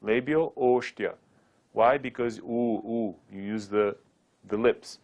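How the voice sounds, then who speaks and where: In a classroom lecture, a man teaches Sanskrit pronunciation, drilling syllables aloud for students to repeat. His voice is medium in pitch, slow-paced, and darkish in tone.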